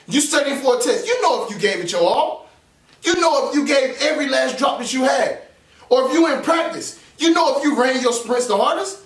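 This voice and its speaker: Motivational speaker, male, high voice, echoey room, off-mic. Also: fairly bright tone, far from the mic. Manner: preachy, repeats phrases, emphatic. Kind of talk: motivational talk.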